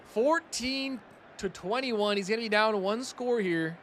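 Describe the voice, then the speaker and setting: A young man giving casual play-by-play commentary on a video game match, excitable on big plays and chatting with his stream viewers. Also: high-pitched, measured pace. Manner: excitable, rising loud on big plays, chatty asides to chat.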